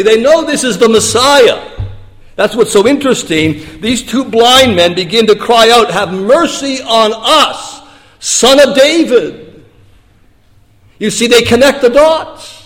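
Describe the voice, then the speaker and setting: A man preaching a sermon as pastor. He moves between hushed, low passages and raised, emphatic lines. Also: long reverb tail.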